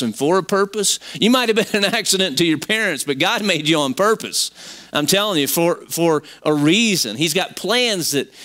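A man's voice: fairly high pitch, fairly bright tone. A man preaching a sermon as pastor to his congregation in a church, talking conversationally and acting out quoted voices, with emphatic rising peaks. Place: church sanctuary.

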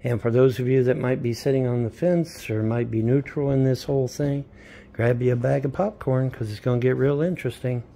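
A man with a warm, mid-range voice and vocal fry talks fairly quickly in a steady tone, with slight background noise. Filming himself outdoors by a mobile home in a casual vlog, he rambles and uses baby talk with dogs, while a commentator films him.

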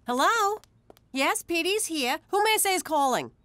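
A woman's voice: extremely high pitch, expressive, moderate pace, a bit bright, dry recording. A woman voicing an overbearing, meddling mother in an adult cartoon. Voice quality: theatrical, sing-song and snappish.

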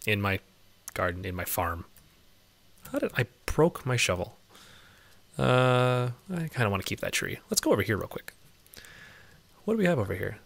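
A man with a bright, ringing voice gives casual commentary while he plays a game. His pitch swoops up and down as he chats, laughs often and coaxes the animals along in a singsong way. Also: lively intonation, moderate pace, long pauses. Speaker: let's play host.

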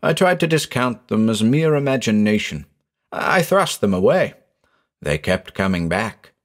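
A man narrating a horror story in a measured, dramatic storytelling manner. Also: fairly low pitch, big pitch swings.

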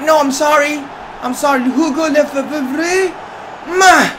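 A man giving excitable commentary on his own video game play and reacting loudly to the action. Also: very high-pitched, measured pace, a faint crowd, slight background noise. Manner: excitable, yelps and laughs at the game. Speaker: gaming YouTuber. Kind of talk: casual gameplay commentary.

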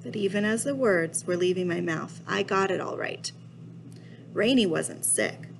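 A woman reading a children's novel aloud in a steady, expressive storytelling voice. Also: on the low side, a little slow, vocal fry, noisy background. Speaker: reader.

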